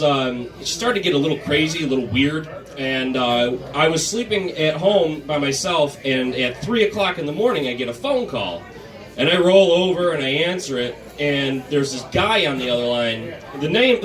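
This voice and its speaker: A young man doing stand-up, telling a long personal story in a conversational, deadpan way with many filler pauses. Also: fairly high pitch. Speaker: stand-up comedian. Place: comedy club stage before a live crowd. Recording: echoey room, mic from a distance, crowd audible.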